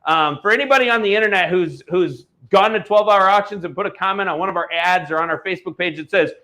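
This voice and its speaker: High, bright-voiced heated male auction host. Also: fast talker. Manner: heated, blunt, salesy. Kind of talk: live-stream product pitch with ranting.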